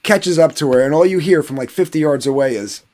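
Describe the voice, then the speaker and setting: A man's voice: a little high, a little fast, very noisy. A man casually telling a story on a podcast panel, swearing and acting out what people said. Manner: animated, swearing, acts out quotes.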